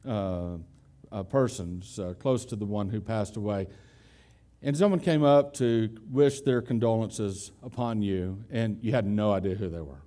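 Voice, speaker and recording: A man preaching a conversational expository sermon, putting questions to his listeners and slowing down to stress key words. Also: medium pitch, warm tone. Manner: conversational, asks the congregation questions. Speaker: pastor.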